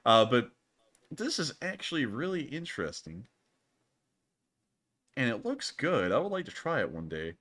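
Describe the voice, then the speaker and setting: A young man hosting a casual livestream news show, jokey and high-pitched, talking in a playful, teasing way with quick asides. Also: big pitch swings, a bit bright.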